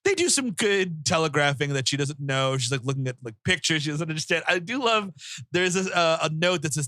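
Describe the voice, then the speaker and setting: A man's voice: on the high side, lively intonation, brisk, bright, forceful tone, dry recording, clean studio sound. A man co-hosting a comedy movie podcast, telling a rambling story full of restarts and laughter. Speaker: podcast co-host. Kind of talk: casual comedic movie chat.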